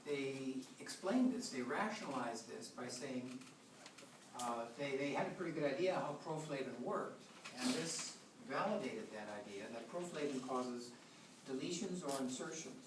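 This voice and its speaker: A man's voice: mid-range voice, lively intonation, normal speed, noisy background. Man, lecturer, classroom lecture, explains step by step, restarts phrases, very echoey room, distant mic. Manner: explanatory, thinks aloud with frequent restarts.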